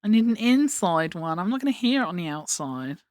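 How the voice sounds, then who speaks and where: A woman's voice: lowish voice, sing-song, brisk, a little mellow, no room sound, clean studio sound. A young woman livestreamer chatting casually to her viewers, rambling through a story with lots of fillers and laughter. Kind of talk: casual stream chat.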